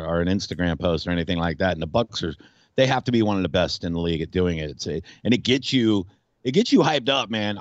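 Male radio host, low voice, rambling and animated, dry close mic. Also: no room sound, dull audio. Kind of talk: casual sports talk.

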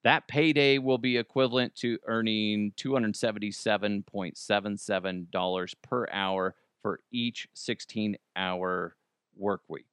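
A man's voice: lowish voice, fairly bright tone, smooth, no room sound, clean studio sound. A man from Colorado hosting a casual podcast, rambling and joking at his own expense. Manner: rambling, self-deprecating, jokey asides. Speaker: podcast host. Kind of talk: casual solo chat.

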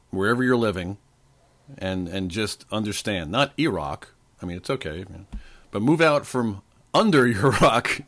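A man in his forties or older hosts a casual trivia podcast, tossing out quiz questions between playful jokes. His lowish voice is slightly hoarse and swings widely up and down in pitch as he talks into a desk microphone. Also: a bit bright. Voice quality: playful, jokey. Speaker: podcast host.

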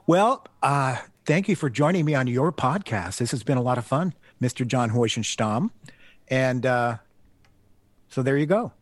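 A man's voice: medium pitch, lively intonation, normal speed, no echo. A man acting as guest interviewer, asking questions and affirming the host's story in a casual interview. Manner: warm affirming, brief backchannels.

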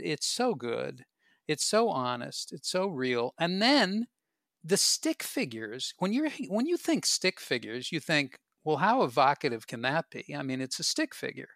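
A man's voice: fairly high pitch, creaky, a bit bright, dry recording, clean studio sound. A man hosting a casual conversation, speaking reflectively in loose, rambling phrases. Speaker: host.

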